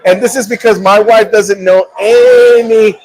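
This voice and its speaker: High-voiced animated male storyteller. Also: unhurried, low-quality recording. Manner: animated storyteller, acts out quotes, laughs often. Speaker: show host. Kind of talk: casual live-stream storytelling. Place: restaurant.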